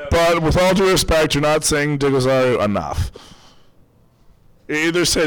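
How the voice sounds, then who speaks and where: A man on a convention panel, rambling casually with restarts and sudden excited outbursts. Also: fairly high pitch, normal speed, long pauses, smooth.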